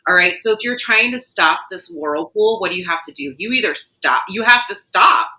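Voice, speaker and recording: A woman's voice: mid-range voice, animated, normal speed, pushed and bright, poor audio. A woman co-hosting a podcast, talking earnestly in a casual spiritual chat and telling a vivid story. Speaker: podcast co-host.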